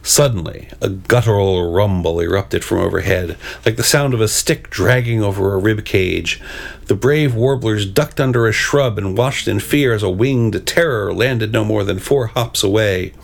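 A man reading a storybook aloud, pausing to describe its pictures with hesitant asides between the expressive narration. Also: fairly low pitch, vocal fry.

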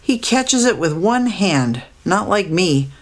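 A woman reading aloud voices a gentle deaf father who asks simple, halting questions about baseball. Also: fairly low pitch, big pitch swings, voice pushed up, heavily acted. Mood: earnest. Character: gentle deaf father, adult man, eager baseball fan.

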